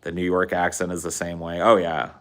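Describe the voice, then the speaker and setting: Deep-voiced Californian man, loose and profane. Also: monotone, fairly quick. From Central California. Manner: loose, profane, rambling with many "like"s. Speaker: podcast co-host. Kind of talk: casual podcast banter.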